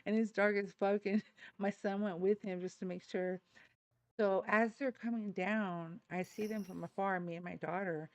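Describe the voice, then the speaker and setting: A middle-aged woman hosting a live stream, telling stories in an animated, profane way. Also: medium pitch, moderate pace, dry recording. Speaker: livestream host. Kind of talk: casual live-stream chat.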